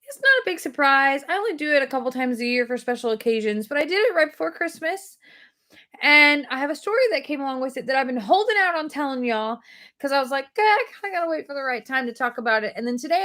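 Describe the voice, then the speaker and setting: High-voiced chatty woman. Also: sing-song, fast, pushed and bright. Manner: chatty, self-deprecating, rambling with fillers. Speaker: host of a weekly video segment. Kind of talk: casual storytelling to viewers.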